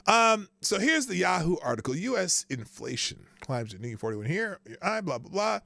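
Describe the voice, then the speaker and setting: A man hosts a casual live stream in a rambling, chatty way, greeting viewers and reading headlines aloud. His voice sits a little high, with a gravelly edge. The recording is dry and close, with no room sound. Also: very animated, normal speed, pushed and bright, dry recording. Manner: rambling, chatty, reads chat and news aloud.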